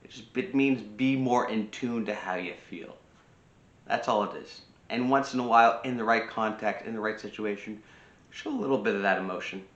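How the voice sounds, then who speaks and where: A man's voice: on the low side, normal speed, fairly bright tone. A man hosting a personal growth channel, giving casual advice and repeating his key phrases for emphasis. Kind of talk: casual self-help advice talk. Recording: roomy, slightly dull sound.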